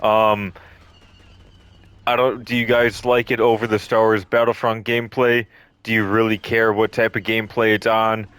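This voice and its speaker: A man's voice: fairly low pitch, little pitch movement, moderate pace, a bit bright, clear, resonant tone, dry recording. A young man telling a rambling story casually, full of swearing and ums, acting out the quotes. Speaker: storytelling vlogger. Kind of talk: casual storytime over gameplay.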